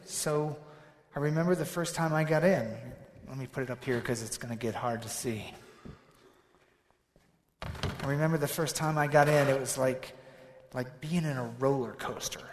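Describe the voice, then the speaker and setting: A man preaching a sermon, telling stories in an animated way and acting out both sides of the dialogue. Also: medium pitch, normal speed, long pauses. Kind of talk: sermon storytelling. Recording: echoey hall with long reverb.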